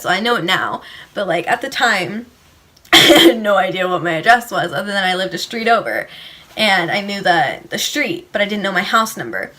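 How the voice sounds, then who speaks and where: A woman's voice: medium pitch, animated, normal speed, pushed and bright. Giggly teenage girl telling a story. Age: teens. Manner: giggly, laughs often mid-sentence; filler-heavy, says "like" a lot. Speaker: vlogger. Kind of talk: casual storytime.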